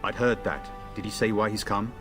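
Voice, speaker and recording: Brief: a man voicing a lighthearted young knight, low-pitched, joking and warm with family. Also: steady tone, fairly quick, over loud music, lightly acted. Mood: jovial. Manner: jovial, teasing. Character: cheerful young noble knight, older brother, joking.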